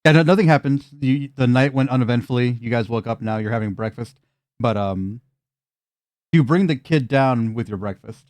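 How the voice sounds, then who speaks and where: A man's voice: mid-range voice, moderate pace, darkish tone, dry recording. A man narrating as game master of a tabletop game, loose and laughing, swearing casually.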